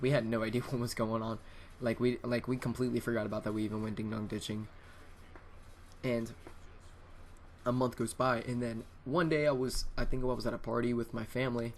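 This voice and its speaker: A teenage guy rambles through a casual storytime, getting excited and restarting his sentences again and again. His voice sits at an ordinary middle pitch for a man. A soft hiss runs faintly under his USB desk mic. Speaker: gaming channel host. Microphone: USB desktop microphone.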